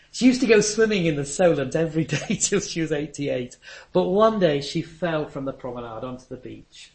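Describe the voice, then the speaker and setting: A man's voice: medium pitch, vocal fry, darkish tone. An older man, preaching a sermon with earnest, anecdotal storytelling.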